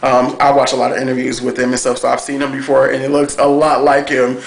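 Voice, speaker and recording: A man reviewing a cartoon episode on camera, talking in a gushing, excitable way with plenty of fillers. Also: mid-range voice, quick pace, creaky. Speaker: TV review vlogger. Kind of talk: casual chat review. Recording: echoey room.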